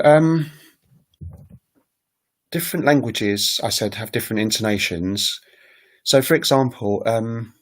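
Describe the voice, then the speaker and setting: A man hosting a casual language-learning livestream. He thinks aloud with frequent ums and makes self-deprecating asides. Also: lowish voice. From United Kingdom. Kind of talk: casual solo livestream talk.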